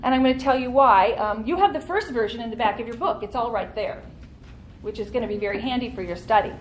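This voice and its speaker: A woman's voice: a little high, fast, slight background noise. A woman teaching a church Bible study class in an earnest, conversational way, leaning into key points.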